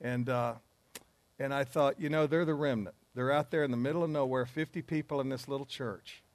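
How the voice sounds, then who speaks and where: A man's voice: medium pitch, steady tone, brisk, dry recording. A man teaching a men's group in an earnest, emphatic preaching style, with asides along the way.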